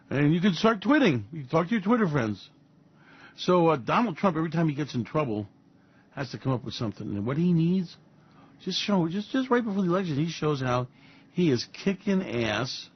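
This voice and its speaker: A man's voice: a little high, very animated, fairly quick, husky. A man hosting a financial commentary show, talking in a sarcastic, profane, mocking way. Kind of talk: market commentary. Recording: dull lo-fi audio.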